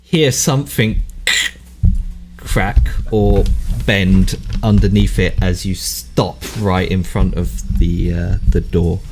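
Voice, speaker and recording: A man narrating as game master of a tabletop game, slow and halting. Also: low voice, fairly even intonation, darkish tone, a little hiss or hum.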